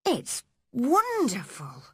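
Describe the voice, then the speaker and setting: Gentle country boy, read by a woman. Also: a little high, wildly swooping pitch, drawn-out words, breathy edge, no room sound, clean studio sound, voice pushed up, full character voice. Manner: gentle and easy.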